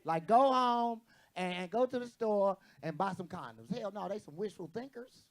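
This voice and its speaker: A man's voice: high-pitched, animated, moderate pace, creaky. A man doing a stand-up set on a comedy stage, brash and profane, acting out the people in his stories. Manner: brash, profane, acts out quoted voices. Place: comedy stage with live audience.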